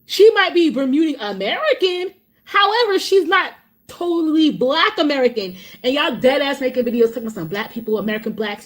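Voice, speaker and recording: A woman's voice: sits high, big pitch swings, quick pace. A woman venting in a reaction clip, exasperated and swearing often.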